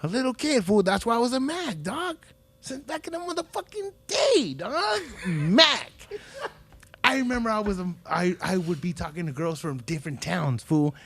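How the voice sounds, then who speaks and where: A man's voice: sits high, very animated, normal speed, a bit bright, slightly rough. A man hosting a podcast, telling loose, profane stories in casual chat and acting out quotes from other people. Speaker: podcast host.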